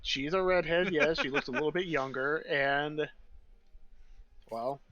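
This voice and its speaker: A man narrating a tabletop game as game master, animated, voicing the characters in his story. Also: on the high side, a little slow, highs cut off, a crowd in the background.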